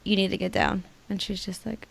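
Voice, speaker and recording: A young woman co-hosting a podcast in casual chat, full of "like" and quick laughing asides. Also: mid-range voice, little pitch movement, vocal fry, breathy edge, no echo. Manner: chatty, lots of "like" and laughing asides. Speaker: podcast co-host.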